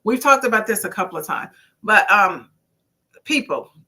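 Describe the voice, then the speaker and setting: Bright outspoken woman in her fifties. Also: medium pitch, normal speed. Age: 50s. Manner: outspoken, lively, preachy, swears. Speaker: livestream talk show host. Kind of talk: casual livestream talk, reading viewer comments.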